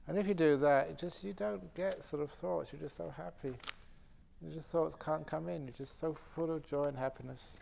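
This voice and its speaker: A man, a Buddhist monk and meditation teacher, telling lively anecdotes with laughter during a retreat question-and-answer session. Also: on the high side, gravelly, slight background noise. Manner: animated anecdotal storytelling with frequent laughter. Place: meditation retreat centre hall.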